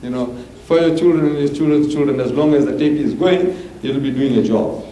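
An older man from Africa, giving an impassioned public lecture and answering questions, with animated, forceful swings of pitch. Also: a little fast. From South Africa. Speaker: preacher and debater. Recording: roomy hall with faint hiss, archival tape.

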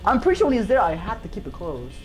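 A woman's voice: mid-range voice, wildly swooping pitch, quick pace, music in the background, poor audio. A woman giving let's-play commentary on a horror game, panicky, swearing and talking to herself with sudden yelps. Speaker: gamer.

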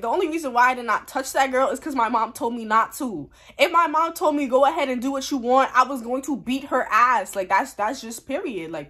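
A young woman vlogger telling a storytime in casual slang, animated and heated, with many fillers. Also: fairly high pitch.

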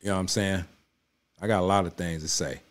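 A man with a somewhat low voice hosts a political reaction video from his home studio. He talks in a loose, conversational way, repeating his points with emphasis and arguing straight back at the clip he is watching. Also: steady tone, quick pace. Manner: emphatic, repetitive, conversational street talk; addresses the clip directly with rising heat. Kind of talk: casual political reaction commentary.

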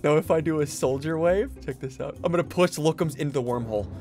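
A man hosting a gaming video, commenting excitedly on play with friends and yelling and laughing at times. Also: a little high, fast. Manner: excitable, yelling and laughing, then quietly explaining the game. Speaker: gaming channel host. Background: game music.

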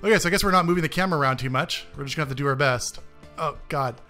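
A man's voice: on the high side, racing, bright, forceful tone, soft background music. A man hosting a game review, giving sarcastic, ranting commentary full of swearing as he plays. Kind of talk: profane gameplay commentary.

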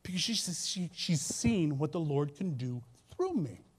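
A man preaching a sermon as pastor, telling stories with repeated phrases and swinging between loud and soft delivery. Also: a little high, big pitch swings, a little slow, breathy edge. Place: church sanctuary.

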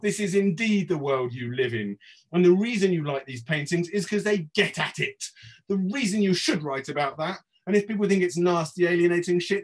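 An English author giving a theatrical reading of his own prose, swinging between loud outbursts and quiet murmurs. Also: sits high, animated, normal speed. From England.

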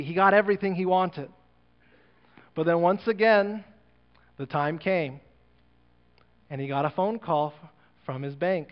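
A man's voice: sits high, steady tone, moderate pace, smooth. A male pastor telling a sermon story in a church, acting out the dialogue and building to an earnest appeal. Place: church sanctuary. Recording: muffled church recording with long reverb.

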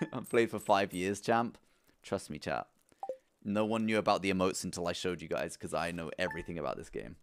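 Lower-voiced young man streaming to chat. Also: measured pace, pauses often, a bit bright, a little hiss or hum. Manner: playful, talks to chat, coos at his pet. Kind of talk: live gameplay streaming.

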